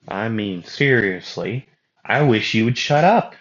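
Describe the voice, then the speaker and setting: A man voicing a brash young male fighter who shouts his complaints, recorded on a dull lo-fi mic. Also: on the low side, lively intonation, unhurried. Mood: exasperated.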